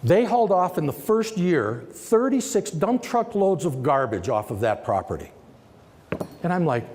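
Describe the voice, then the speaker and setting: Man, summit keynote speaker; animated, chatty storyteller; long hall reverb. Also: a little high, moderate pace. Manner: lively, conversational storyteller who acts out quoted dialogue. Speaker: company executive giving a summit presentation. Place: large conference hall.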